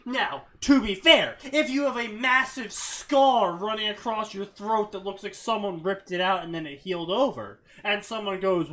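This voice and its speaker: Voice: medium pitch, moderate pace, few pauses, bright, forceful tone. A co-host reading fanfiction aloud and ranting about it bluntly, with plenty of swearing, a little tipsy. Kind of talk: comedic reading and commentary.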